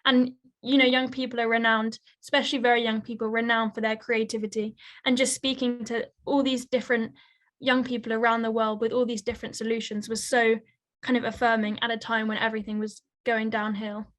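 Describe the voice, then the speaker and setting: A young woman answers interview questions with fluent, earnest articulacy. Her voice sits a little high but stays flat and even. She sounds thoughtful rather than showy. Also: brisk. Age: young adult. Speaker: guest, young conservationist and author.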